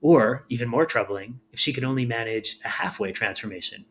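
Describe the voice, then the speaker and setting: Man reading a storybook calmly. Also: medium pitch, fairly quick, a little hiss or hum. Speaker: audiobook reader. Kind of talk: storybook narration.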